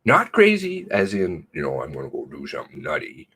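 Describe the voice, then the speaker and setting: A man hosting his own channel, reading out a news release in a furious, swearing rant that swings from shouts to hushed mutters. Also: extremely low pitch, huge pitch swings, a little fast, husky. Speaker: channel host.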